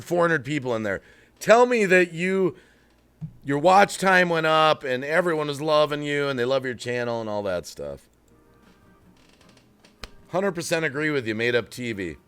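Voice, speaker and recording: A man's voice: on the high side, lively intonation, normal speed, a bit bright, clean tone, faint music behind. A man hosting a live stream, ranting bluntly to his chat and breaking off to apologize for getting worked up. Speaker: livestream host.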